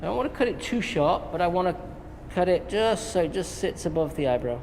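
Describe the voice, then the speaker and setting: English hairdresser guy chatting thru a cut, relaxed and jokey, echoey salon, noisy. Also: high voice, brisk, vocal fry. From England. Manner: relaxed, jokey, talks while cutting. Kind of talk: live haircut tutorial with banter.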